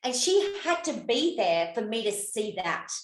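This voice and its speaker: Woman, podcast co-host, casual chat, swears and laughs a lot, higher voice, echoey room. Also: very animated, unhurried. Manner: swears freely, laughs often.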